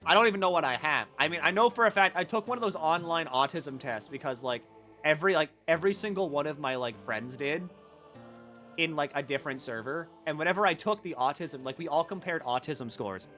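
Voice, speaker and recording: Bright rambling young streamer guy. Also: on the high side, brisk, soft background music. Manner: rambling, joking, many filler words. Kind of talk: casual stream chat.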